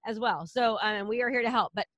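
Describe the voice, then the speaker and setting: A woman's voice: on the high side, fairly bright tone, dry recording. A woman leading a real estate team, talking casually and enthusiastically in a promotional chat with a colleague. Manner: enthusiastic, rapid, salesy, repeats herself.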